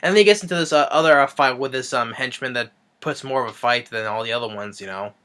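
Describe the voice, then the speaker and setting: A movie reviewer, male, gives a casual film recap in a loose, rambling style, piling up ums and restarting sentences. His voice is bright and forceful at a middling pitch, and he talks fast.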